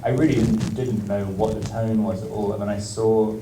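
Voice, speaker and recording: A man's voice: on the low side, steady tone, mellow, slight background noise. A man with a British accent, speaking in an on-stage Q&A with many fillers, restarts and frequent laughter. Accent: British English. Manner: halting, rambling, lots of fillers and restarts, laughs often. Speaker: actor, festival guest. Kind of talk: on-stage Q&A conversation. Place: festival stage in a large room. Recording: roomy hall sound, miked from far off.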